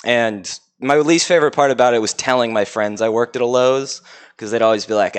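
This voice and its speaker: A man's voice: medium pitch, a little fast, clear, resonant tone. A young man, a stand-up comedian delivering dry, matter-of-fact one-liners.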